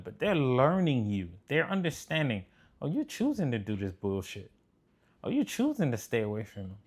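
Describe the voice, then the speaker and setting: A man's voice: medium pitch, darkish tone. Blunt male relationship commentator. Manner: blunt, preachy, profane. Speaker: relationship commentator reacting to clips. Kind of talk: casual commentary.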